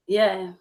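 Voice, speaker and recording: A woman's voice: medium pitch, darkish tone, breathy edge. A woman on a panel chatting on a video call, teasing and laughing as she talks. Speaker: panel member. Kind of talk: casual online panel chat.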